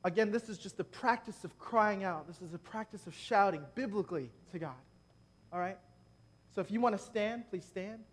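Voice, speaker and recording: A man's voice: high voice, moderate pace. A man preaching a sermon in a conversational way, making joking asides to the congregation at a church gathering. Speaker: preacher leading prayer.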